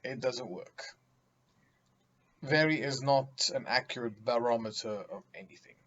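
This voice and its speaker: Slow, emphatic male vocabulary teacher. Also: mid-range voice, fairly bright tone, highs cut off. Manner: emphatic, theatrical, mocking quoted examples. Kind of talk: vocabulary lesson to camera.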